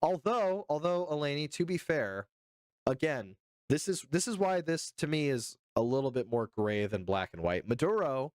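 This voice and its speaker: Male streamer from Georgia: low, animated, mock-offended banter with viewers, dry close-mic sound. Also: normal speed, no room sound. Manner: jokey, playfully indignant, addresses chat directly. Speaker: live streamer. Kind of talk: casual live-stream news reaction, chatting with viewers.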